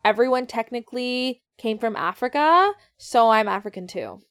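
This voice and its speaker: A woman's voice: on the high side, animated, moderate pace, fairly bright tone, smooth, no echo. A woman in casual comedic chat, wry and profane, often laughing.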